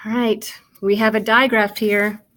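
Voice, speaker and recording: A woman with a medium-pitched, slightly bright voice speaks in a level, unhurried tone as she teaches kindergarten sight words. She sounds out and spells each word, praising the young children along the way and addressing the watching child directly. It's a slow, patient, encouraging phonics lesson.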